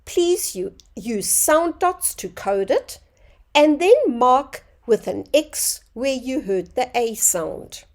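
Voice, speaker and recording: A woman teaching a phonics lesson to young children, sounding out words slowly and clearly. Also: high voice, lively intonation.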